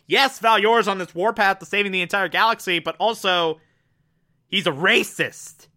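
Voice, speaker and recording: A man casually reviewing a cartoon episode, animated and emphatic, with mocking asides. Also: sits high, moderate pace.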